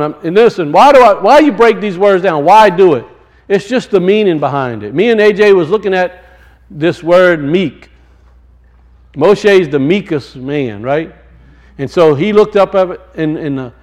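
A man teaches scripture in a loose, conversational way. His voice sits high, and he builds into emphatic, preacherly passages. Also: animated, moderate pace, a little mellow. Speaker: Bible teacher. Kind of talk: sermon-style Bible teaching.

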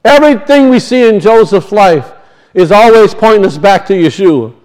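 A man's voice: sits high, animated, normal speed, darkish tone, clear, resonant tone, rough recording. A man preaching a sermon, emphatic and repetitive, firing off rhetorical questions to his congregation.

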